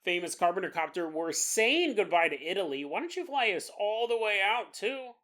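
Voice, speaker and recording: Lively, bright-voiced male podcast host. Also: sits high, moderate pace. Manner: jokey, acts out characters, laughs often. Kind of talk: casual storytelling monologue.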